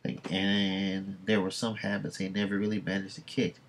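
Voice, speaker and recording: A man reading the lines of a young half-alien woman, low and matter-of-fact. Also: monotone, normal speed, natural voice.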